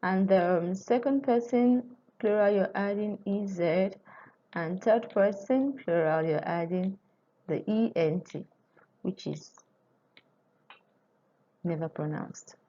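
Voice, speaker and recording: Patient woman teaching, mellow muffled voice. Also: mid-range voice. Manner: patient, repeats conjugations aloud slowly. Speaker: French teacher. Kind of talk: screen-recorded language lesson.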